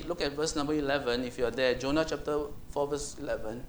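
Guy preaching, lively, keeps asking the crowd questions, slight hiss behind. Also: mid-range voice, fast, few pauses. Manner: animated, asks the congregation questions, acts out Bible voices. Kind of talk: sermon.

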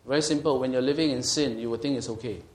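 A man's voice: mid-range voice, quick pace. A man teaching a Bible study, reading scripture aloud and questioning his listeners, growing emphatic as he explains. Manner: asks the group questions, reads scripture aloud; grows animated and emphatic, stretching key words. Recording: echoey room.

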